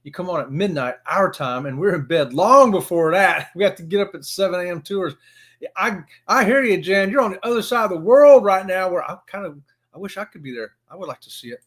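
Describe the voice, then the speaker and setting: A man in his fifties with a Southern US accent, hosting a casual live stream and greeting viewers by name in a folksy, excitable way. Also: high voice, a little fast. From Florida.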